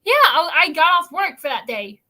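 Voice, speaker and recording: Young woman, host, bright sharp voice, casual rambling chat. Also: high-pitched, expressive, moderate pace. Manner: chatty, rambling, lots of "like" fillers.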